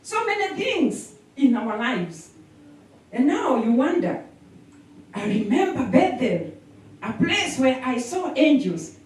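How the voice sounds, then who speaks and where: High, lively woman preaching. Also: slow. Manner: animated preaching with call-and-response and repetition. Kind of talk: sermon. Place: church sanctuary. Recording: echoey hall from a distance.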